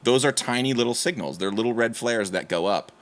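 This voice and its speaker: A man's voice: medium pitch, a little fast. A man co-hosting a podcast, arguing a point earnestly and emphatically in casual conversation.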